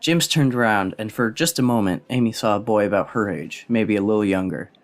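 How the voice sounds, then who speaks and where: Deep low guy reading a novel aloud, steady. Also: a little fast. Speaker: narrator. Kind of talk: audiobook narration.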